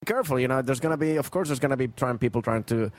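A man's voice: medium pitch, very fast. A man from Venezuela, a voice actor chatting as a podcast guest, loose and profane with lots of "like" fillers. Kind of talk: casual podcast chat.

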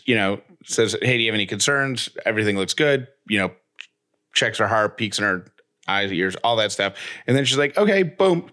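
Podcast co-host, man in his thirties, lively storyteller whose voice swings widely while acting out both sides. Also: mid-range voice. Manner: animated, acts out both sides of an exchange. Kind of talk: casual chat, storytelling.

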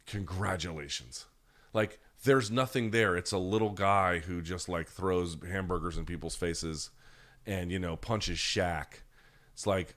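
A man hosts a live chat in a low, slightly bright voice at a measured pace. He rants bluntly with lots of swearing and sometimes mocks people by putting on voices.

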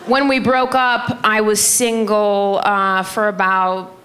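A woman performing a stand-up comedy set on a club stage, telling stories in a chatty way with lots of "you know" and mimicking others in a higher voice. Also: level tone, slow, sharp tone. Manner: chatty storytelling, frequent "you know", mimics her mother in a high voice. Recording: live club recording, audience laughter and room noise.

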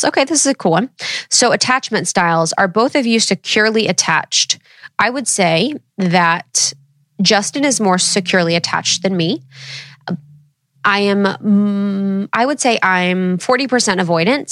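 A woman's voice: fairly low pitch, fairly bright tone, no echo, clean studio sound. A woman in her thirties hosting a podcast, chatting candidly and rambling, swearing freely and acting out quoted asides. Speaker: podcast host. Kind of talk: casual solo chat.

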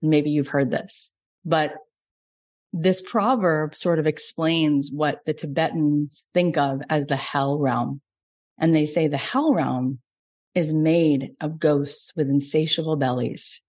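A middle-aged woman from Florida, a business coach telling a personal story, animated and acting out quoted lines. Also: takes it slowly. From Florida, USA. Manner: animated, acts out quotes with big pitch jumps. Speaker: business coach and podcast host. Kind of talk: storytelling lesson.

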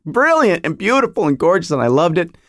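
A man's voice: high voice, big pitch swings, a little fast, a bit bright, no echo, studio quality. A middle-aged American man hosting a podcast, telling a rambling, nostalgic story that keeps stopping and restarting as he searches his memory. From United States. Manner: nostalgic, self-interrupting, searches memory aloud. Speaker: podcast host. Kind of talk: rambling monologue.

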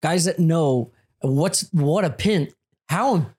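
A man's voice: fairly high pitch, expressive, slow, darkish tone, husky. A man co-hosting a comedy podcast, ranting with profanity in casual banter. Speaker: podcast co-host.

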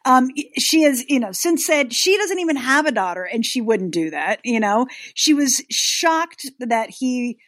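A woman's voice: high voice, very animated, a little slow, hardly any pauses, a bit bright, no room sound, studio quality. A woman chatting as a podcast guest, emphatic and opinionated, with many fillers. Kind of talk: casual chat.

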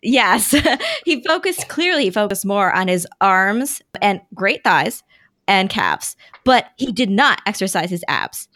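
A woman co-hosting a casual group podcast chat, animated and enthusiastic. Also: medium pitch, unhurried, dry recording, studio quality. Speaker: podcast co-host.

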